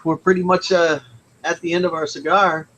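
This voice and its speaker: A man co-hosting a casual chat over a video call, emotional and halting as he says goodbye. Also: fairly high pitch, flat delivery, a bit bright, low-quality recording. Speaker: co-host.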